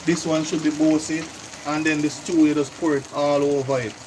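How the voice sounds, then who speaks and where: A man's voice: fairly high pitch, little pitch movement, normal speed, a little mellow, a little hiss or hum, poor audio. A man with a Jamaican accent co-hosting a cooking live stream, chatting to viewers and explaining things in patois. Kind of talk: casual live-stream chat.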